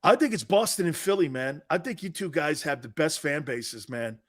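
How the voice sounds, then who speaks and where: Running a laid-back sports live stream, a man in his fifties speaks at a moderate pace in a voice on the high side. He's an animated host who banters, laughs a lot and reads chat from viewers aloud.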